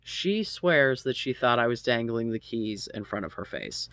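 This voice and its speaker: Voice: mid-range voice, sing-song, normal speed, a bit bright, dry recording. An adult in their thirties casually telling a personal story, rambling with lots of ums and asides and swearing freely.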